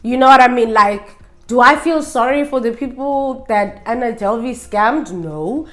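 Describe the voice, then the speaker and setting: A woman's voice: fairly high pitch, a little slow, a bit bright. Sassy, emphatic woman vlogger. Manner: sassy, emphatic, rhetorical questions. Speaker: vlogger reviewing documentaries. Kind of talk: opinionated casual review.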